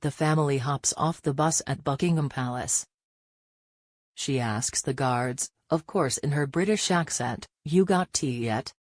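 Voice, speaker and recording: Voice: mid-range voice, a little slow, no room sound. Dry, chatty gossip recap narrator. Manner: chatty recap with personal reactions. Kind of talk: scripted narration.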